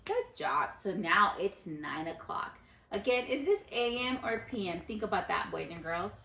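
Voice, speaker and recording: A woman's voice: mid-range voice, creaky, reverberant, a little hiss or hum. A woman teacher reading a picture book aloud to her class, stopping to quiz the children. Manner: animated storyteller who pauses to quiz children.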